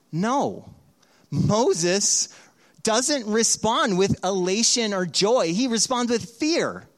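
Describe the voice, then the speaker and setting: A middle-aged man preaching a sermon as pastor, telling stories in an animated way and acting out the voices of the people in them. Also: high-pitched, slow pace. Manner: animated storytelling, acts out voices in quotes.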